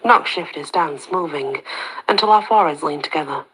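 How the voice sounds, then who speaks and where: Low husky lady reading a first-person romance story, soft, drops into whispers. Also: moderate pace, poor audio. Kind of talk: first-person audiobook narration.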